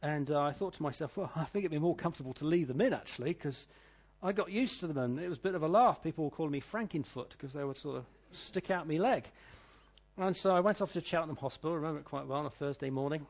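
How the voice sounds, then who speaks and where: A middle-aged British man preaching a sermon, reading scripture and telling stories, swinging between loud declaiming and quiet asides. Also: fairly high pitch, fast talker. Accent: British English. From Britain.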